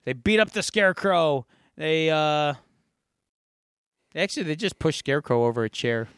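A man co-hosting a podcast, his voice smooth and fairly high for a man. He rambles through a story with lively energy. The sound is close and dry. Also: normal speed, dry recording. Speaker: podcast co-host. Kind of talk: casual chat, retelling an episode.

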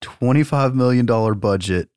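A man co-hosting a podcast, chatting casually about films in a laid-back, measured way. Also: medium pitch, a little mellow, no echo, studio quality. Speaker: podcast co-host. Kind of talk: casual movie chat.

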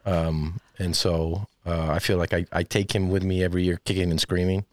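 A man, a stand-up comedian, chatting casually in an interview and telling lively stories, acting out the people he quotes. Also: low-pitched, normal speed, dry recording, clean studio sound. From Texas. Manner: animated storyteller acting out quotes.

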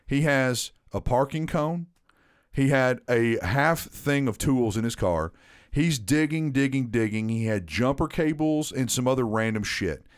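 A man co-hosting a podcast, telling a story in a laid-back, deadpan, casual way. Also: mid-range voice, unhurried, clean tone. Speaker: podcast co-host.

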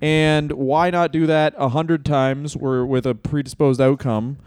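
A man's voice: a little high, steady tone, unhurried, a little mellow, clean tone, no echo. A man co-hosting a wrestling history podcast, talking in a rambling, joking way. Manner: rambling, joking, slips into silly accents. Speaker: podcast co-host. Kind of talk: casual comedic chat.

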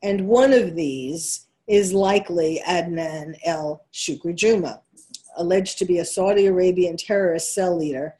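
A woman's voice: on the low side, unhurried, warm tone. A woman with a New York accent hosting a talk radio show, delivering an emphatic monologue full of rhetorical questions.

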